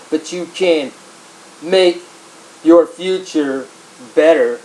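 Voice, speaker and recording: Angry profane man with a high voice. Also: rough recording. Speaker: video blogger. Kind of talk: profane political rant to camera.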